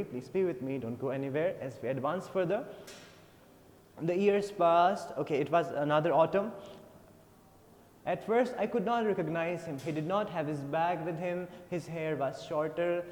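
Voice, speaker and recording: A man with an Indian English accent, his voice a little high and a little mellow, reads an English-class story aloud before retelling it, filling his paraphrase with fillers. The recording carries long reverb.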